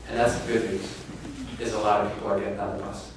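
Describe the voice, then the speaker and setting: A man's voice: fairly low pitch, level tone, fast talker. A man giving a talk to a room, telling a story and addressing the audience directly. He sounds far from the mic, and a heavy room echo trails every phrase. Faint background noise sits under his voice. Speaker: keynote speaker on inequality. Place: conference room.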